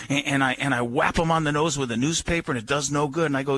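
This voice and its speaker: A man hosting an animal radio show, telling an anecdote in a lively way and mimicking the people in it. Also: a little high, fast, hardly any pauses. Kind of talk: casual storytelling.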